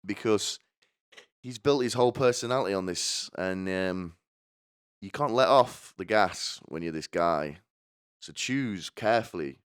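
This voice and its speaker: A man with a low, smooth, resonant voice delivers a sardonic comedic monologue. He rambles and restarts his sentences often. The sound is dry and close to the mic. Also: a little slow, no echo. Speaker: podcast host.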